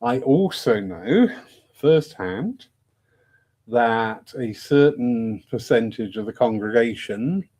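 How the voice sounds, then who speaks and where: A man's voice: mid-range voice, lively intonation, slow pace, a little mellow. A man hosting a discussion evening, chatting in a rambling, self-mocking way and laughing often. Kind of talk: casual rambling talk.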